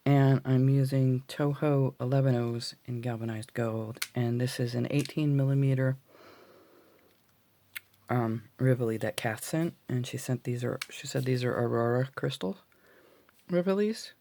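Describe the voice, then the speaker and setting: A man with a gravelly voice hosting a casual beading tutorial, chatty and muttering to himself as he works, recorded on a phone. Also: mid-range voice, unhurried, warm tone. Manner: chatty, mutters to self while working. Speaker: jewelry tutorial host.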